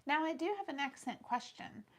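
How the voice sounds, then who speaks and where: A woman's voice: high voice, lively intonation, a little fast, a bit bright. Woman reading chat. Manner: reads out chat comments, hesitant with many fillers. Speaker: co-host reading viewer comments. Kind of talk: casual live-stream chat with viewers.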